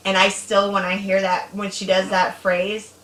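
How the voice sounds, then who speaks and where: Host: animated woman in her thirties, mid-pitched, chatty, recorded in an echoey room. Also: moderate pace. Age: 30s. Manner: chatty, animated, with sudden loud bursts when she acts out stories. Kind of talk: casual chat.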